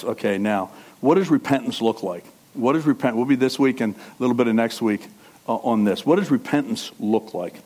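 A pastor preaching to a congregation in a conversational way, asking questions and joking. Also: male voice, mid-range voice, darkish tone. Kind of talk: sermon.

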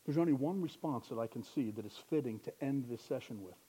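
A young man preaching a sermon, building to loud, impassioned exhortation. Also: medium pitch, animated, fast talker, husky.

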